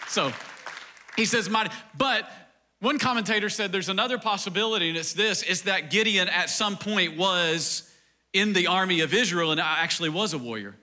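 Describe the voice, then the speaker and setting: Pastor, man, high and very bright, casual sermon full of "like"s. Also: moderate pace, a faint crowd. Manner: conversational preaching, acts out quoted dialogue, rising to a fervent climax; frequent "like" fillers.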